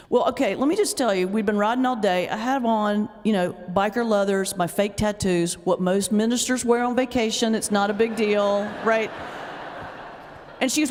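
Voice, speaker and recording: A woman pastor giving a humorous lecture, telling lively stories and laughing often as she speaks. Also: medium pitch, fairly quick. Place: lecture hall. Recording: long hall reverb.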